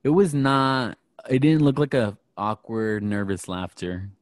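Low-voiced man, dry close sound. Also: a little slow, no echo. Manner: animated storyteller acting out quotes. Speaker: podcast co-host recapping reality TV. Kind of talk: casual chat.

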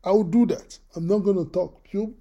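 Preacher, male, high pitch, mellow tone, lively storytelling delivery. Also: moderate pace, dull audio. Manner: animated, repeats words, acts out quoted voices. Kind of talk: sermon with personal storytelling.

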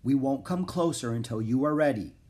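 A man voicing Jack, a thoughtful young boy who talks softly and soothingly to a horse. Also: mid-range voice, a little fast, lightly acted. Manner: soft, calm, soothing.

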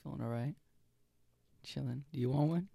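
A young man co-hosting a podcast, talking in a relaxed, easygoing casual chat. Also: mid-range voice, normal speed, creaky, a little hiss or hum. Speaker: podcast co-host.

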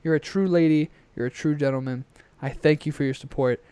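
This podcast co-host is a young man on a headset, ranting and cursing a lot in casual, animated conversation. His fairly high voice is brisk with a clean tone, and the recording is dry.

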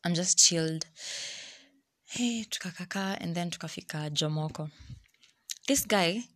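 A young Kenyan woman telling a personal story in a lively, exasperated way, switching between English and Swahili slang. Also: lowish voice, unhurried.

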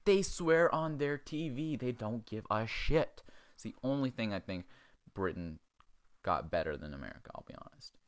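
Brief: male comedy host, low voice with a very lively swing, crude and rambling, dry close sound. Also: dry recording. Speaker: podcast host. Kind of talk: casual comedic chat.

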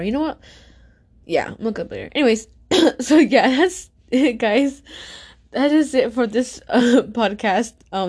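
A young woman hosting a casual podcast, reacting excitedly to a video with frequent exclamations and fillers. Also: a little high. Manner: gushing, exclamatory, many fillers. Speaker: podcast host.

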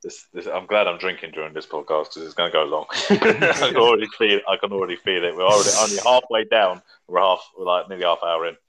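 A podcast host keeps the chat moving briskly, laughing between items. His voice sits on the low side. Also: fairly bright tone, poor audio. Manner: brisk, laughing, runs the list.

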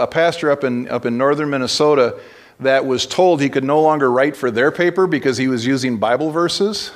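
A man preaching a sermon as pastor, telling stories conversationally and breaking into blunt exhortations, with frequent restarts. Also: mid-range voice.

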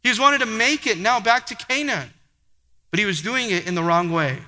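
High, bright-voiced man preaching. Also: brisk. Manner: emphatic, repetitive preaching cadence. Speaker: pastor. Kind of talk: sermon. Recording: long hall reverb.

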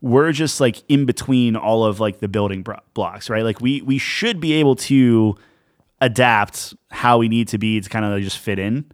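A man's voice: mid-range voice, moderate pace, no echo, studio quality. A young man co-hosting a podcast in casual chat, talking loosely with lots of "like" and fillers. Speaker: podcast co-host.

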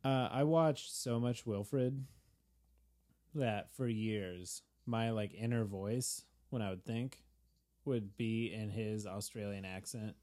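A man co-hosting a casual chat while watching a movie, relaxed and teasing. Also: lowish voice, slow.

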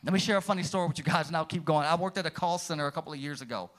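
A man preaching a sermon as pastor in a church, swinging from loud high peaks down to low quiet asides and calling out to the congregation. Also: very fast. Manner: energetic, rises to high shouted peaks then drops low; calls out "come on", "praise the Lord" to the congregation.

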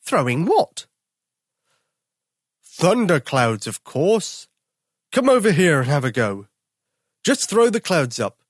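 A big fierce daddy bear with a gruff, bellowing voice, as a storyteller puts him on. He booms his lines loud and slow from a dry, close mic. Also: very animated, no echo, exaggerated voice. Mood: bossy.

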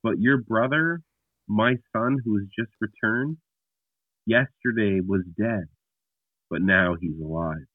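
A man voicing a gentle forgiving father. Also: fairly low pitch, slow, pauses often, no echo. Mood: tender. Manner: gentle, reassuring. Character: forgiving father speaking gently to his son. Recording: tinny phone-like line.

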